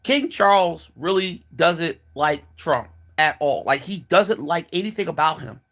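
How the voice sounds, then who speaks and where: A man's voice: a little high, animated, unhurried, fairly bright tone. A man giving a casual, blunt opinion monologue, mocking and profane, with lots of fillers and restarts. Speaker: commentator.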